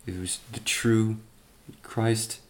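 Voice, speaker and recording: A man's voice: fairly low pitch, steady tone, slow. A man teaching from the Bible by retelling it as a story, with conversational asides and emphatic quoted lines.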